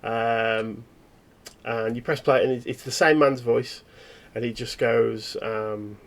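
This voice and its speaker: A man narrating a tabletop horror game as game master, in halting, descriptive storytelling. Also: medium pitch, steady tone, creaky, a little hiss or hum.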